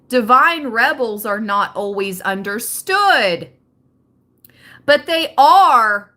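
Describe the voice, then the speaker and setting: This mid-range voice has a sharp edge. It belongs to a woman running a tarot reading livestream, talking straight to her viewers in a chatty, laugh-filled way.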